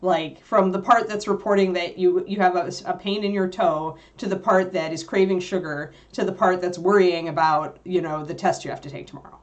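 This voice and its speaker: A woman with a somewhat low voice co-hosts a livestream in casual chat. She rambles through her thoughts with plenty of fillers and laughs easily as she answers viewers. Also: fairly even intonation, a little fast, hardly any pauses, muffled recording.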